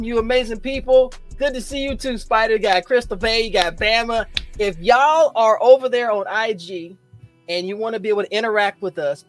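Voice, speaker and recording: A man hosting a livestream, hyped and exuberant, jumping from shouts to hushed asides. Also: high-pitched. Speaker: host. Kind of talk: energetic livestream chat.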